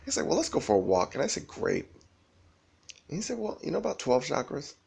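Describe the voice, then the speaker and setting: Man, rambling profane monologue, husky gravelly voice, lively up-and-down pitch. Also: a little fast. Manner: rambling, profane, laughs often.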